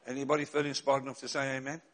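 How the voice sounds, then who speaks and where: A middle-aged man preaching a sermon as pastor, telling stories and slowing down to stress key words. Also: medium pitch, little pitch movement. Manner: storytelling, slows and rises for emphasis.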